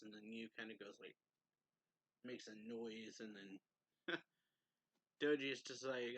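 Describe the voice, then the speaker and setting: A man talks through a manga chapter review at an unhurried pace, his voice bright and forward. He rambles loosely, chuckles between thoughts and leans on fillers. The sound is close and dry, with no room around it. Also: mid-range voice, fairly even intonation, dry recording, low-quality recording. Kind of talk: casual spoken review, recapping the plot.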